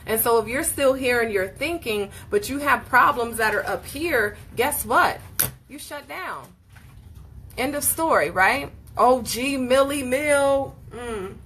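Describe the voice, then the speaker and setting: A woman hosting a casual motivational book discussion, speaking in an emphatic, animated, preacherly way. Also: on the high side, a little slow, slight background noise. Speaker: host leading a book discussion.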